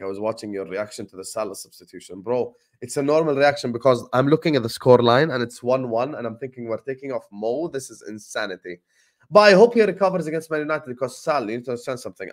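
A young man hosting a casual football live stream, slangy and animated as he shouts out viewers. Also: medium pitch. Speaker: host.

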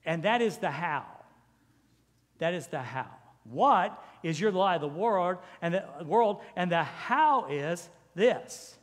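Male pastor, high-pitched and animated, preaching in a reverberant sanctuary. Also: takes it slowly. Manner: animated preaching, acting out quoted voices. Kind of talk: sermon. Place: church sanctuary. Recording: church hall with long reverb.

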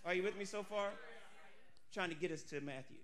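High, bright-voiced energetic preacher. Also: male voice, brisk. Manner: energetic, humorous, bursts into shouting. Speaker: pastor. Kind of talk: lively storytelling sermon.

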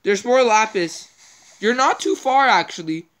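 A woman's voice: fairly high pitch, lively intonation, a little slow. A woman hosting a gameplay video, thinking aloud in casual, rambling commentary as she plays.

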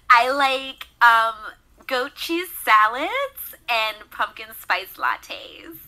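A ditzy valley girl chirps along in a voice pushed far up high, bright and sparkly, drawing out every word, as a woman puts her on. She giggles between phrases and leans hard on "like". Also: sing-song, full character voice. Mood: bubbly. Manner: giggly, drawn-out, lots of "like".

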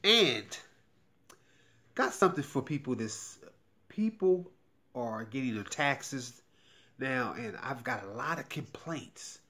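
A man giving an emotional, repetitive sales pitch straight to the viewer, pleading and getting heated. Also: animated, takes it slowly, long pauses, pushed and bright. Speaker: YouTuber promoting a tax service. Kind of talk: direct-to-camera sales pitch.

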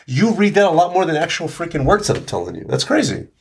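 A man talking as a podcast guest in casual, animated chat, often restarting his sentences. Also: a little high, fast talker, creaky, slight background noise. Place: studio.

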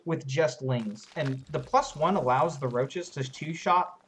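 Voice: mid-range voice, measured pace, fairly bright tone, slight background noise. An esports caster giving detailed play-by-play analysis of a strategy match on a live stream, explaining unit mechanics while tinkering with stream overlays.

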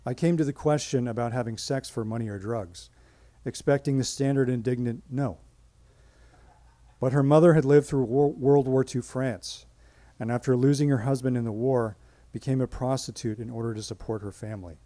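A man performs a personal story live on stage, pacing it with measured, dramatic pauses. His voice is mellow and warm, and the sound is dry and close to the mic. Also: medium pitch, steady tone, no room sound.

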